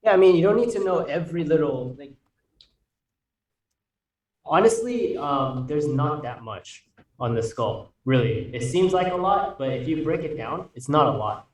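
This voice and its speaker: A man's voice: on the high side, expressive, normal speed. A man teaching drawing in a casual, rambling way, restarting sentences and using fillers. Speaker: art instructor.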